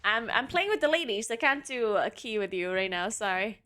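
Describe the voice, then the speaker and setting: A woman's voice: a little high, animated, normal speed, sharp tone. A woman streamer chatting casually with her viewers from her apartment, talking in loose runs full of fillers and restarts. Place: home apartment.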